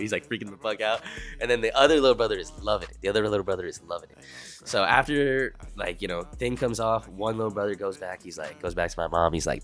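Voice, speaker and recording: A man's voice: lowish voice, expressive, fast talker, soft background music. A young man in his twenties chatting on a livestream, laid-back and swearing a lot as he reacts to chat. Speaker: streamer.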